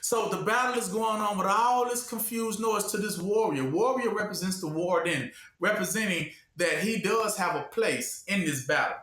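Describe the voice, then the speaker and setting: A man's voice: high voice, normal speed, hardly any pauses, a bit bright. A man preaching a call-and-response sermon, asking the room to finish his sentences and acting out voices. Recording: echoey room.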